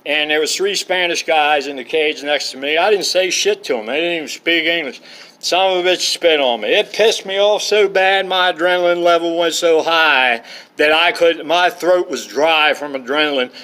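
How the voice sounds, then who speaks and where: A man's voice: a little high, moderate pace, sharp tone, clean tone. Profane, rambling man with a raised voice. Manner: profane, digressive, blunt. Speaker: storyteller. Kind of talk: rambling personal anecdotes.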